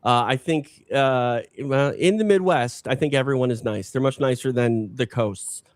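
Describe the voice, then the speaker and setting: A man's voice: moderate pace, no room sound. Guy w/ a slight minnesota accent, laid back, not projecting, dry close sound. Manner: low-key, unprojected everyday talk. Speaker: combat sports announcer, podcast guest. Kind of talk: casual interview chat.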